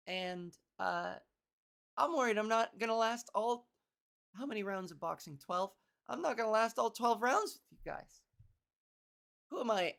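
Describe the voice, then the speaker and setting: A woman talking alone on her podcast in a loose, wandering way, her voice hoarse and sitting mid-range. She swears freely, coughs and clears her throat, and keeps toying with how high or low she pitches her words. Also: lively intonation, a little slow, long pauses. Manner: rambling, profane, playfully toying with her pitch. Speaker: comedian podcast host. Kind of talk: casual solo podcast monologue.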